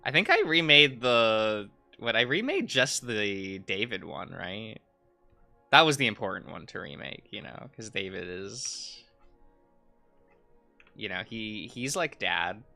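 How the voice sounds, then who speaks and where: A man's voice: on the low side, very animated, takes it slowly, gravelly, pushed and bright, soft background music. A male streamer chatting casually while drawing on a livestream, rambling, laughing often, trailing off and humming to himself.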